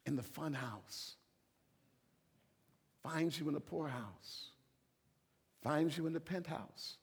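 A man preaching a sermon as a bishop, telling a story and swinging between hushed whispers and loud, emphatic preaching. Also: a little high, slightly rough, big-room sound.

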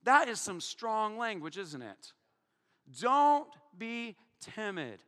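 A man preaches with a bright, high voice that leaps up and drops away as he teases his congregation. He moves from loud calls to hushed asides. The sound carries a long reverb from a large hall. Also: takes it slowly. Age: adult, married. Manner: animated, joking, swings from loud to hushed. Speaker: pastor. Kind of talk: sermon. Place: church hall before a congregation.

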